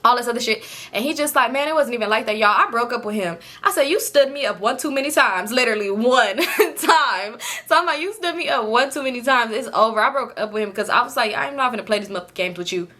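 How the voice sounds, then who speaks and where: A young woman, telling a story to her viewers in an animated, profane, casual way. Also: fairly high pitch, fast. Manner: animated, profane, quotes people in lively voices.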